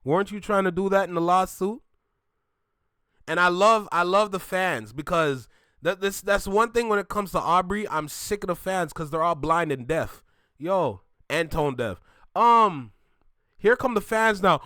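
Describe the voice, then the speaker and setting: Male reaction host, blunt repetitive rant, highish voice, dead-dry room. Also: normal speed, sharp tone, dry recording. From Toronto, Canada. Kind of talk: ranting reaction commentary.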